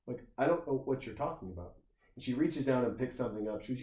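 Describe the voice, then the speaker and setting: A man telling a long, animated anecdote in casual chat, acting out the people in it and swearing freely. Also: mid-range voice, fast. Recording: roomy echo.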